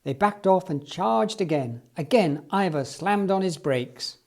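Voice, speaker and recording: Animated man reading a children's story. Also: high-pitched, a little slow. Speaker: storybook reader. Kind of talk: children's story read aloud.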